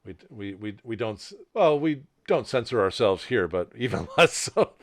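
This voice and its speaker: A man's voice: on the low side, lively intonation, normal speed. Rambling man co-hosting a podcast. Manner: rambling, repeats words as he restarts. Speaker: podcast co-host. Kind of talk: casual chat. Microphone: laptop mic.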